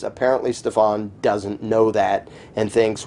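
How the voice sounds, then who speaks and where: Interview guest, male, mellow tone, emphatic and scornful delivery. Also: mid-range voice, moderate pace. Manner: emphatic, scornful, mocks opponents' voices. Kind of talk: conversational interview.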